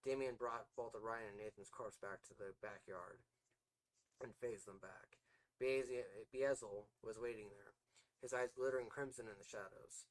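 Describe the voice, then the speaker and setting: A low-voiced man reads his own novel aloud on his podcast. His narration is plain and even, with a few stumbles and self-corrections along the way. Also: moderate pace, rough recording. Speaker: podcast host and author.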